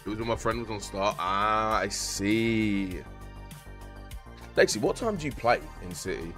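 A man's voice: on the low side, expressive, measured pace, a bit bright, soft background music. A young man chatting casually with his live-stream viewers while gaming, joking around and using slang. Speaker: game streamer.

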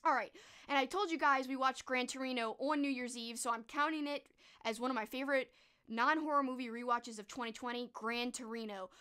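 Casting note: a young woman, slightly high-voiced, chatty and effusive as a live-stream host. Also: fairly even intonation, fairly quick, bright, forceful tone, clear, resonant tone. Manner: chatty, enthusiastic, gushing with restarts. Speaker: streamer and horror book host. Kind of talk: casual live-stream chat.

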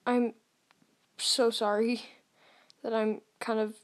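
A woman's voice: fairly high pitch, little pitch movement, takes it slowly. A young woman playing a horror game, sounding scared and jittery and stammering now and then. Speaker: gamer.

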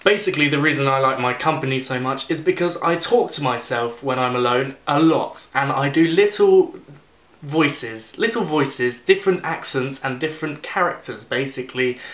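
A man's voice: mid-range voice, moderate pace, a bit bright, echoey room. A young man, chatting casually and self-deprecatingly in a rambling vlog. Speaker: vlogger.

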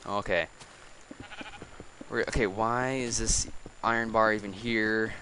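A man's voice: on the low side, steady tone, slow, sharp tone, slight background noise, low-quality recording. A man giving casual gameplay commentary, coaxing animals along with exasperated, chatty asides. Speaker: let's play host.

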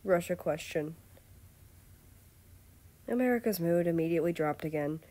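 Woman with a low, mellow narrating voice. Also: normal speed. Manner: steady storytelling narration. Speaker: fanfiction reader. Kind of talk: reading fan fiction aloud.

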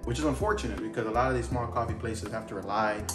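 A man's voice: lowish voice, fast talker. Chatty man in an echoey kitchen. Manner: rambling, chatty, self-interrupting. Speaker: vlogger. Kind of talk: casual home vlog. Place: home kitchen. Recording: echoey room with music playing.

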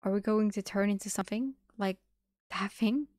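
A woman voicing a cold, indifferent young man in an audiobook reading, with curt, flat delivery. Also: mid-range voice, normal speed, dry recording, clean studio sound, close to an everyday voice. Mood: uneasy.

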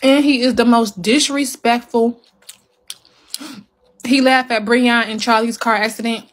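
A woman's voice: a little high, steady tone, unhurried. Heated woman ranting on a livestream. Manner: heated, emphatic, repeats her points. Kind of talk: livestream rant to viewers.

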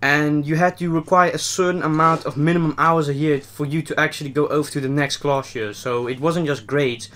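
A man's voice: on the high side, steady tone, a little fast, hardly any pauses. Rambling young Dutch-accented man, joking. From Netherlands. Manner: rambling, joking, trails off quietly. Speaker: mukbang host. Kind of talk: casual chat while eating.

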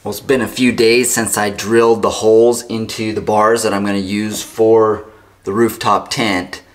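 Low-voiced man chatting in his garage. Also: normal speed. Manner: relaxed, chatty, thinking aloud while working. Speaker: DIY vlogger. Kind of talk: casual workshop vlog. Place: home garage.

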